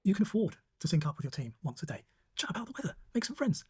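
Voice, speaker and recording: A speaker in a played clip giving brisk, matter-of-fact advice. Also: mid-range voice, sing-song, darkish tone, slightly rough.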